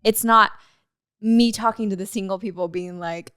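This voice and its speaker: A woman's voice: medium pitch, normal speed, clear, resonant tone, dry recording, studio quality. A young woman hosting a podcast, chatting casually and upbeat about dating and being single. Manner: upbeat, animated storytelling. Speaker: podcast host. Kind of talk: casual chat.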